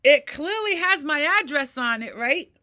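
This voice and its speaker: A woman's voice: high voice, animated, a little slow, sharp tone. A middle-aged woman vlogging in a ranting monologue who swears and keeps asking "right?". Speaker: mental health vlogger. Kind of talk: personal venting monologue.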